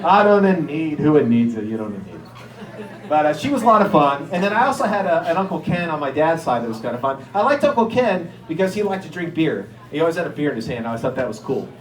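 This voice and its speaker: A male stand-up comedian with a fairly high voice, telling stories in a loose, conversational, self-deprecating way. He is recorded in a roomy space with a strong echo. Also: big pitch swings, quick pace, hardly any pauses. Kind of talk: stand-up routine. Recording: echoey room.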